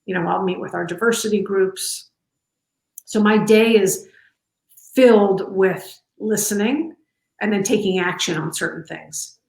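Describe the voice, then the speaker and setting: A warm, chatty woman in middle age answers interview questions over a video call. She talks loosely, with plenty of fillers and restarts, at a mid pitch. Her voice carries a roomy echo. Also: measured pace, gravelly. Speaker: company culture executive, interview guest. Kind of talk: casual interview conversation. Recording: echoey room.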